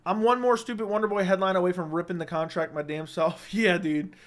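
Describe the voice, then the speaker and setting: Young male streamer, higher voice, blunt quick takes, home studio mic. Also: steady tone. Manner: blunt, opinionated, quick verdicts. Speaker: livestream host reading viewer comments. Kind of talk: casual livestream chat. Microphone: studio microphone.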